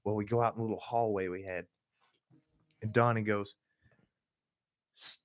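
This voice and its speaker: A young adult man hosting a podcast, telling a crude story with animated, profane energy and frequent laughter. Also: fairly low pitch, fairly quick. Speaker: podcast host. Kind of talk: casual storytelling.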